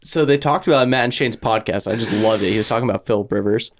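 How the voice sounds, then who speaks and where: A man's voice: on the low side, quick pace, a little hiss or hum. A young man co-hosting a podcast in casual chat, telling stories with a laugh and acting out the quotes. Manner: storytelling, laughs often, acts out quotes. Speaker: podcast co-host.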